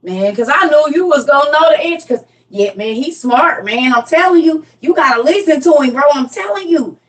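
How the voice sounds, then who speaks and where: A jumpy young guy rattling on about his brainy buddy, as a woman puts him on. His voice climbs high and loud as he begs everyone to slow down, piling "bro" and "man" into every breath. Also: lively intonation. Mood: excited. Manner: rapid, breathless, keeps saying bro and man. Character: excitable young man hyping up his smart friend.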